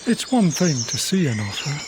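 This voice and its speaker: A man, a wildlife cameraman from England, narrating his diary in a quiet, measured, reflective documentary voice. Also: a little high, very animated, noisy background. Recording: faint river ambience behind.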